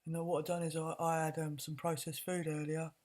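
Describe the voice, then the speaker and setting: A woman's voice: low-pitched, little pitch movement, a little fast, a little mellow, lightly acted. A woman mocking a dazed, complacent woman who is happy with her lot, in a dozy, sarcastic tone. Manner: mock-contented, dozy sarcasm.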